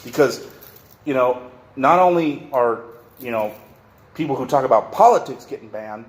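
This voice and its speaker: A man's voice: mid-range voice, animated, normal speed, roomy sound. A man ranting to camera in a workshop, rambling, repeating himself and cursing as he goes. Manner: rambling, profane, repeats and restarts. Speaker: vlogger. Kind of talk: rant to camera.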